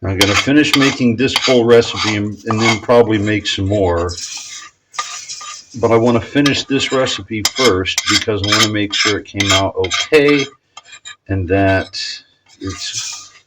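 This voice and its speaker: Slow, low-voiced man cooking at home. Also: very noisy. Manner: rambling, self-correcting, chatty. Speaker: cooking vlogger. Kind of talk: casual cooking demonstration. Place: home kitchen.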